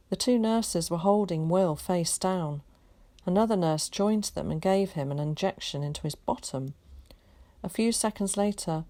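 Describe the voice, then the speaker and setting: Low, mellow woman reading a story. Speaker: teacher reading aloud. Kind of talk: storybook read-aloud.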